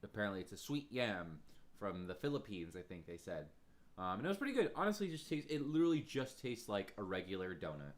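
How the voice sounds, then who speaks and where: A man hosting a casual livestream from home, energetic and chatty, laughing often as he talks to his viewers. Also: fairly low pitch, a little fast. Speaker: livestream host.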